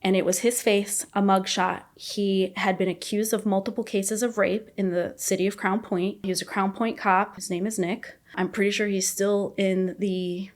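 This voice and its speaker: A woman's voice: mid-range voice, level tone, moderate pace, few pauses. Woman telling a raw personal story. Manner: casual, filler-heavy with constant "like"; raw and emotional, recounting an ordeal. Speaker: podcast guest. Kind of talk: personal story told in an interview.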